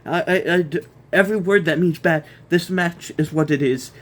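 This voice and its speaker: A man's voice: on the high side, normal speed. A man hosting a casual wrestling review, ranting in an exasperated way, repeating himself and stumbling over restarts.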